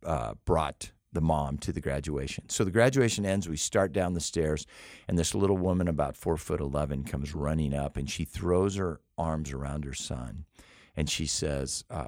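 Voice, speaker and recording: A man's voice: extremely low pitch, normal speed, darkish tone, dry recording, clean studio sound. A middle-aged man who leads a rescue mission, telling stories earnestly in an interview with frequent restarts. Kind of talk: interview conversation.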